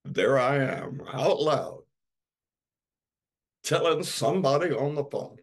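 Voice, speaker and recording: Gravelly guy preaching slow, big ups and downs, leaning hard on repeats. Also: mid-range voice, big pitch swings. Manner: slow, emphatic preaching with dramatic repetition. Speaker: pastor. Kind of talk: sermon.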